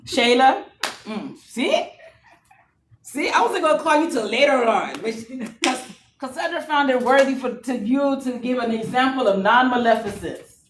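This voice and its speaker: A woman's voice: high-pitched, normal speed, slight background noise. Lady nurse teacher joking around w her class, echoey room, mic kinda far off. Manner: playful, teasing, lively with students. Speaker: nursing instructor. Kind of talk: classroom lecture.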